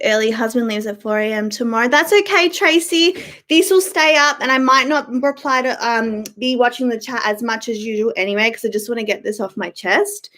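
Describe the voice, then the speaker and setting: High-voiced woman ranting on a live stream. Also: a bit bright. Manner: irritated, blunt, swears freely, greets chat viewers by name. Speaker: YouTube livestream host. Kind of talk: casual live-stream rant.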